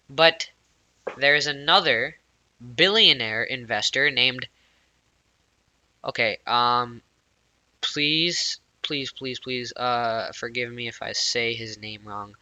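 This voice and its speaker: A man giving casual, excitable tech news commentary as a YouTuber, rambling with plenty of fillers. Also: mid-range voice, takes it slowly, long pauses.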